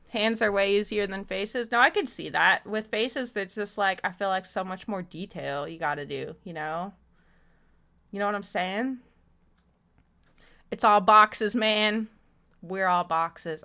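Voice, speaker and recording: A woman's voice: medium pitch, pushed and bright. A woman live streamer chatting casually and loosely with her viewers, swearing freely. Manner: loose, profane, talks straight to chat.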